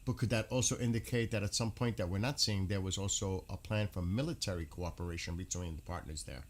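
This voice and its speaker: A man's voice: low-pitched, quick pace. A man giving casual live commentary on news, indignant and firing off rhetorical questions.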